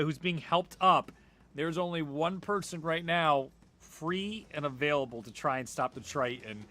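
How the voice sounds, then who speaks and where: A young man acting as game master, narrating a tabletop game with lively, animated energy and casual swearing. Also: a little high.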